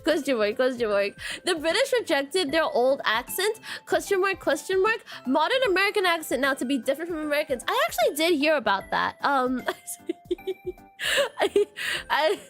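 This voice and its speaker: A woman's voice: sits high, very animated, moderate pace, fairly bright tone, faint music behind. A young woman streamer in casual chat, reading viewer comments aloud with giggles and a habit of repeating "question mark".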